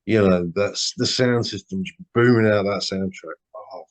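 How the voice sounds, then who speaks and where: A man's voice: on the low side, a little slow. A man co-hosting a casual film podcast, laid-back, swearing casually and murmuring agreement. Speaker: podcast co-host.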